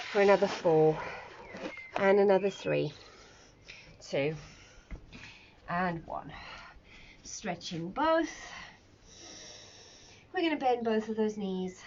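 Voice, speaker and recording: A woman guides a live online pilates session, calling out each movement in a warm, encouraging way and slipping in joking asides. Her voice sits at an ordinary pitch. The recording sounds a little muffled, with a faint background hiss. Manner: chatty, encouraging cues with self-deprecating asides. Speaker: pilates instructor. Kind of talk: live online exercise class instruction. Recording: slightly dull sound with faint ambient noise.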